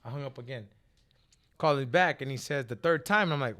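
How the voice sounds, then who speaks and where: A man telling a story as a guest in a casual chat, animated and profane, acting out what others said. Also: mid-range voice, a little fast.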